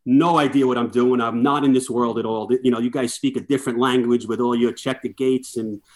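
Man, middle-aged, firefighter, lively anecdotes, acts out dialogue, average pitch. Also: a little fast. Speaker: guest, firefighter. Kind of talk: casual storytelling chat.

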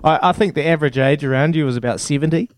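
A man's voice: fairly high pitch, fast talker, dry recording, clean studio sound. A man in his thirties with a New Zealand accent, co-hosting breakfast radio in a jokey, storytelling chat. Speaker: radio co-host. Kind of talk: casual breakfast radio banter.

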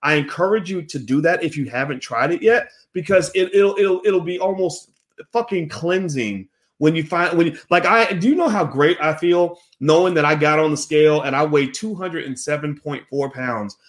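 A man hosting a casual commentary monologue, animated and profane, with many restarts. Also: a little high, normal speed. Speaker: host.

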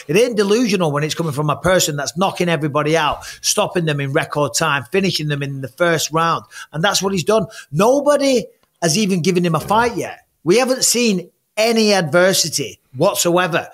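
A man's voice: fairly high pitch, lively intonation, fairly quick. A middle-aged man from England talking bluntly and animatedly in a casual podcast chat, swearing freely as he tells stories. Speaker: podcast guest.

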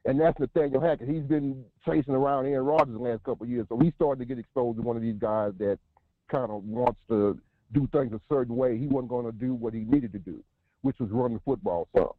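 A man calling in as a guest analyst who breaks down a game in long, energetic, running sentences. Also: mid-range voice, brisk, dry recording. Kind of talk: casual sports analysis. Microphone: phone call. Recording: tinny dry phone line.

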